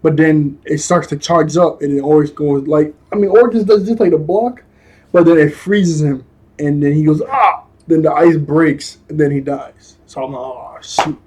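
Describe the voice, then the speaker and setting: Husky, laid-back young man recapping. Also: a little high, steady tone, moderate pace, darkish tone. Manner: rambling, laughing, self-correcting, slangy. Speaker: episode reviewer. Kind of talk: casual cartoon episode recap.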